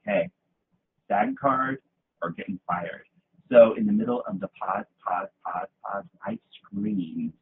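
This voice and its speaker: A man guest in an interview, telling animated, theatrical stories in a casual chat. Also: on the low side, takes it slowly, long pauses, breathy edge. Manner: lively, theatrical storyteller with bursts of laughter. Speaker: guest, actor. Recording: tinny lo-fi line.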